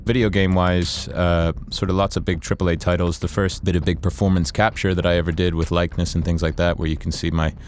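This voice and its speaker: A man's voice: low voice, little pitch movement, quick pace, hardly any pauses, slight background noise. A man raised in the USA and Ireland, a voice actor talking casually in an interview, chatty with lots of fillers. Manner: chatty, many fillers, laughs easily. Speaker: voice actor guest.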